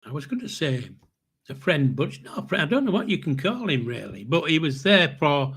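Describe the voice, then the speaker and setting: Older male podcast host with a husky voice, rambling storyteller. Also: on the high side, very animated, moderate pace, fairly bright tone. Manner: rambling, with restarts and chuckles. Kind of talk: casual storytelling.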